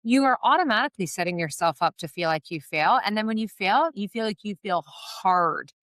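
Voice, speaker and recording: A woman's voice: mid-range voice, expressive, a little fast, a bit bright, no room sound, studio quality. A woman guest on a podcast, talking earnestly and encouragingly in a casual conversational way, often saying "like" and "you know". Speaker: podcast guest, wellness business founder. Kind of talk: conversational interview.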